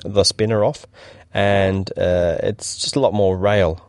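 Male co-host, low voice, dry close sound, chatty and halting, many "uh"s. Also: steady tone, darkish tone, dry recording. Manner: rambling, hesitant, many fillers and restarts. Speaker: podcast co-host. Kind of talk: casual tech chat.

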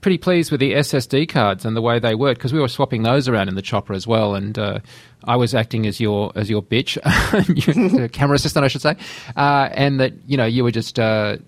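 A man with a medium-pitched voice hosting a casual podcast. He talks in an easygoing, chatty way on a dry, close recording with no room sound. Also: brisk, dry recording. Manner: easygoing, chatty, laughs while talking. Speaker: podcast host.

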